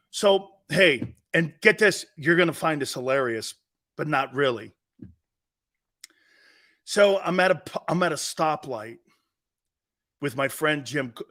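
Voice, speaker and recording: A man's voice: mid-range voice, a bit bright. A man hosting a sports talk show, telling stories in a boisterous, casual way, laughing often and swearing freely. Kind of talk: casual chat and storytelling.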